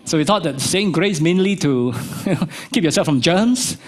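Animated husky male preacher. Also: measured pace. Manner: animated preaching, pitch jumping from low to high. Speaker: pastor. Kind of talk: sermon. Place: church.

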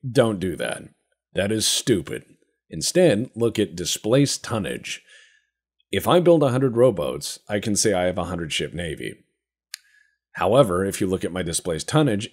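A man giving joking, profane, rambling commentary while playing a strategy game. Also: low-pitched. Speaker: gameplay commentator. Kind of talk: let's-play commentary.

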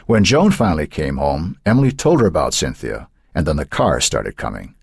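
A man narrating a horror novel in a measured, dramatic way. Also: a bass voice, very animated, gravelly, husky, no room sound, studio quality. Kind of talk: audiobook narration.

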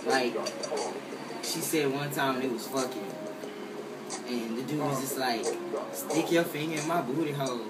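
A man in a profane comedic rant, mocking and exasperated, breaking into loud cursing outbursts. His voice sits in a medium register. He sounds distant from the mic in a roomy space. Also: medium pitch, unhurried, long pauses, over loud music. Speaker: comedic commentator.

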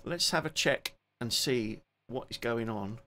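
A man with a Cockney accent hosts a laid-back live stream from home, sitting down rather than performing. His voice has a crisp, bright edge. He talks loosely and chattily, trailing off and picking up again as he thanks viewers one after another. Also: medium pitch, measured pace. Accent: Cockney English. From England. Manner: chatty, rambling, greets and thanks viewers by name. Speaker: music streamer. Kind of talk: casual live-stream chat.

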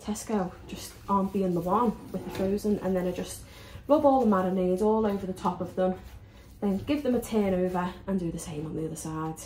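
Over a little hiss or hum, a woman with a warm, medium-pitched voice chats briskly while cooking in her home kitchen. A family vlogger, she narrates her prep casually and matter-of-factly, with plenty of fillers.

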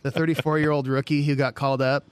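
A man's voice: medium pitch, level tone, fast, a little hiss or hum. A man in his thirties chatting on a podcast as the new co-host, laid-back and swearing freely. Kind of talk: casual chat.

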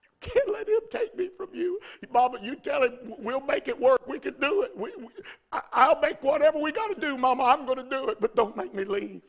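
A frantic little boy cries out for his mama, his voice climbing high and cracking into shouts, as a preacher acts him out. The tone has a gravelly rasp underneath. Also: animated, brisk. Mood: pleading, sobbing. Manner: shouting, sobbing pleas. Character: desperate nine-year-old boy pleading for his mother.

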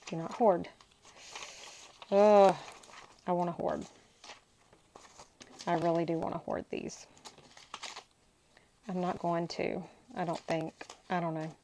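Slow-talking gushing woman. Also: on the low side, little pitch movement, creaky, darkish tone, a little hiss or hum, low-quality recording. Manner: gushing, talks to herself while handling paper. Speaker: crafting channel host. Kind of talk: casual unboxing chat.

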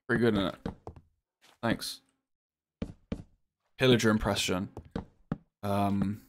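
A young man, chatting casually and joking while playing a game, often swearing and getting excited. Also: lowish voice, measured pace, long pauses, a little hiss or hum. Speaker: gaming streamer.

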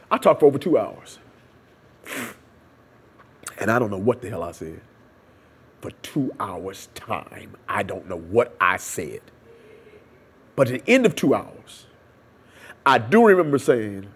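A man with a husky, somewhat breathy voice tells his story in an oral history interview. He acts out the dialogue and prayers along the way. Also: medium pitch, sing-song, unhurried, long pauses. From United States. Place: seminary room.

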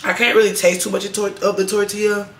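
A woman's voice: medium pitch, level tone, fast, reverberant, slight background noise. A woman, chatting candidly and rambling to her vlog camera in her home kitchen, swearing casually. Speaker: lifestyle vlogger.

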